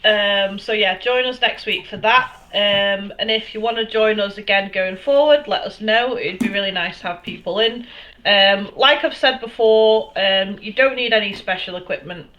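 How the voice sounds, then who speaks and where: A woman's voice: medium pitch, moderate pace, lo-fi sound. A woman from Northern England co-hosting a casual online horror chat show, chatty and full of "um" fillers. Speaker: podcast co-host.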